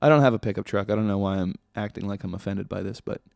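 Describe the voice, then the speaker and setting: A man's voice: fairly low pitch, fast talker, vocal fry, darkish tone, dry recording. A man hosting a podcast, delivering a casual comedic monologue in a sardonic, ranting, profane way. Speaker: podcast host.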